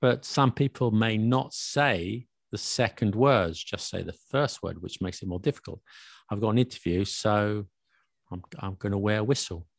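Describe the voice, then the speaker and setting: Gravelly low-voiced man explaining. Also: normal speed, no room sound. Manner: explains with worked examples, chuckling. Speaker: host explaining slang. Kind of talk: casual explanation.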